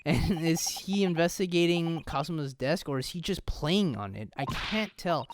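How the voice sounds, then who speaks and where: A woman's voice: low voice, expressive, normal speed, no echo. A woman voicing a polite, flustered young man, reading in a hesitant, questioning way. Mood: puzzled.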